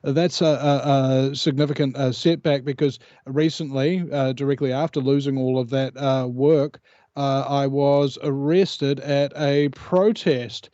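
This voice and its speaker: A man's voice: medium pitch, steady tone, a little slow, dark tone, no room sound. New man, dull lo-fi call. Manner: rambling storyteller, many hesitations. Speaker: guest. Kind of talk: casual interview chat.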